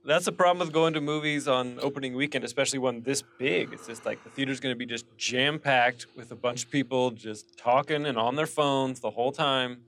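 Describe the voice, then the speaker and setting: A man's voice: mid-range voice, steady tone, fairly quick, few pauses, a bit bright. A man co-hosting a podcast, telling stories in casual chat with laughs in his voice. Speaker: podcast co-host.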